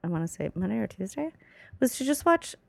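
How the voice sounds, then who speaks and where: A young woman co-hosting a podcast in casual chat, animated and sarcastic, swearing freely. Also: a little high, brisk, vocal fry, no echo. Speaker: podcast co-host.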